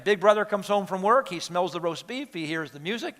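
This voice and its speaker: A middle-aged man preaching from the pulpit with a notably high voice. He tells the story with animated energy, slipping into quoted voices and dropping low for quiet emphasis. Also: a little fast, hardly any pauses. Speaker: pastor. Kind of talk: sermon.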